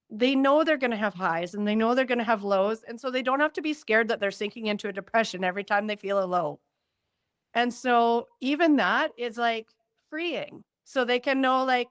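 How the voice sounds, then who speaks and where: A woman guest on a podcast who explains a personality system in a talkative, lively way and acts out quoted reactions. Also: fairly high pitch, clear, resonant tone, no room sound, studio quality. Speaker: Human Design guide.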